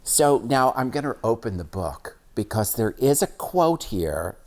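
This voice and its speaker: Woman host with an extremely deep voice, chatty, laughs a lot. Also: very animated, measured pace, a little mellow. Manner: chatty, laughs often, reads quotes aloud. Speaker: talk show host. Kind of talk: casual interview chat.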